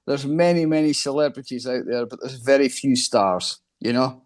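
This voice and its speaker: A middle-aged man joins a podcast chat as a guest. His voice sits mid-range and he shares his opinions in a measured way. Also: medium pitch. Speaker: guest, tour manager. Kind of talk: casual chat.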